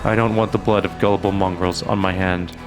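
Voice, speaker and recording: Man voicing an idealistic young mongrel guy, indignant, bitter, low voice, game character. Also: level tone, brisk, music in the background.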